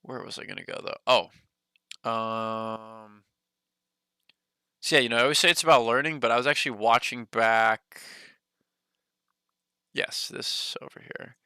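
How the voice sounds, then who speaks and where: A man's voice: mid-range voice, normal speed, pauses often, pushed and bright, smooth, dry recording. A young man hosting a casual stock livestream, rambling loosely with lots of "like" and "you know", a bit short of breath.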